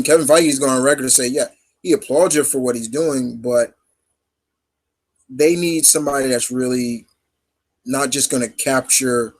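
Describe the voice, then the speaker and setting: A man's voice: medium pitch, a little mellow, rough recording. A man hosting a live question-and-answer stream in casual chat, rambling and full of fillers. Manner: rambling, heavy with fillers and restarts.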